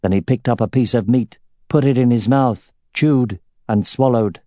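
A man reading a fantasy novel aloud as the narrator, with a steady, even storytelling delivery. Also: medium pitch, normal speed, no room sound. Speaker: audiobook narrator.

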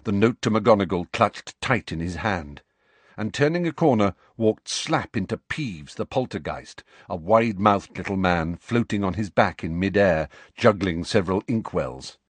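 A man narrating an audiobook in an expressive storytelling manner. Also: sits low, normal speed, husky, no echo. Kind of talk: scripted narration.

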